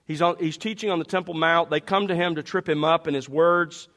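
A man's voice: fairly high pitch, fairly quick. A man preaching a sermon, walking listeners through passages and speaking to the congregation directly. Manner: animated expository preaching, addressing the congregation directly.

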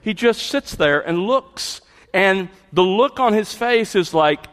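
A middle-aged pastor with a high, slightly bright voice preaches a sermon, animated but a little slow, explaining scripture and building to emphatic peaks. The recording carries long hall reverb.

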